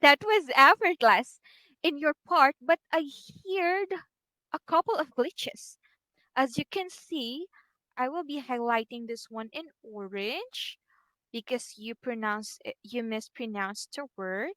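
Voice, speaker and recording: A woman teaching a one-on-one online English lesson, patient and encouraging, pausing to type corrections as she talks. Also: high-pitched, sharp tone, no room sound.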